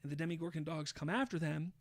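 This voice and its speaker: Podcast guy, kinda high voice, swears a lot, gets really into the story recap. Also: fast. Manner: animated storyteller, swears freely, acts out quotes. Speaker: podcast host. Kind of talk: casual chat retelling a show's plot.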